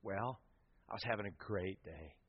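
A middle-aged man preaching a sermon, telling stories and swinging from hushed to loud. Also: a little high, animated, moderate pace, breathy edge. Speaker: pastor. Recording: dull sound with long hall reverb.

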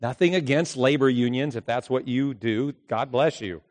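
A middle-aged man telling a long personal story to an audience, animated and anecdotal, coming back again and again to a catchphrase. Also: mid-range voice, normal speed.

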